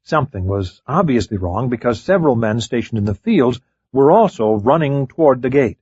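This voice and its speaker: A man reading a mystery audiobook in measured, scripted narration. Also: mid-range voice, sing-song, a little mellow, husky, no room sound, lo-fi sound.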